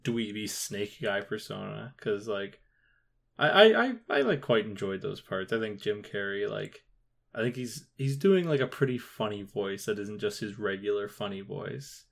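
Man, low voice, gravelly fry, podcast co-host, hesitant casual chat. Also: expressive, normal speed. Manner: hesitant, filler-heavy, with sudden upward bursts.

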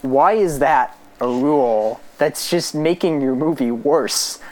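A man's voice: mid-range voice, expressive, darkish tone, rough recording. Dry, sarcastic male podcast guest. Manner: dry, sarcastic and quick to poke holes. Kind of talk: casual podcast chat.

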